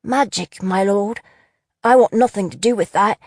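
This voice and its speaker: A woman's voice: medium pitch, moderate pace, dry recording, clean studio sound, lightly acted. A woman voicing a nervous, apologetic young male mine worker who tells fortunes, in a storybook reading. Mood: nervous pleading. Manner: pleading and apologetic.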